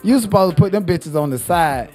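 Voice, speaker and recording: A man's voice: high-pitched, lively intonation, fairly quick, dark tone, faint music behind. A man giving crude, mocking comedic commentary as he reacts to a cooking video. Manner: sassy, profane, mocking.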